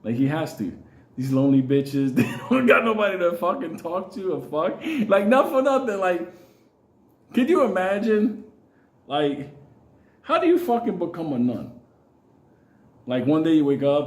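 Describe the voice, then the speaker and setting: A man's voice: high voice, sing-song, measured pace, pauses often. A middle-aged man hosting his own channel, telling rambling, profanity-heavy personal stories and often laughing. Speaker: channel host. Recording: echoey room.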